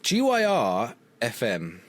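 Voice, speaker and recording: A man hosting a podcast, chatting casually with quick jokey asides. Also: medium pitch, wildly swooping pitch. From Liverpool, England. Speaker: podcast host. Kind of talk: casual chat.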